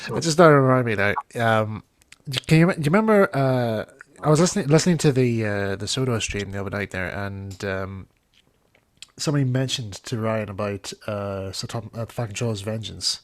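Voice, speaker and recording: A man's voice: lowish voice, fairly quick, no room sound. A man hosting a casual live stream chat, rambling with many restarts and fillers. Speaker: host.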